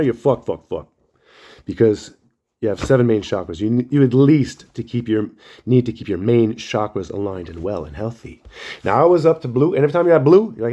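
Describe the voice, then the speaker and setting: A man rambling through a spiritual monologue and story, animated, slangy and full of swearing. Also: mid-range voice, quick pace. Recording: dull lo-fi recording.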